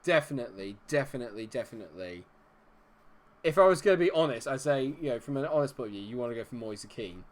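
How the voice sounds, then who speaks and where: Excitable man streaming a game. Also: medium pitch, quick pace, few pauses. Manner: excitable, chatty, reacts loudly to plays. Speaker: streamer playing a football management game. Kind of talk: live game commentary.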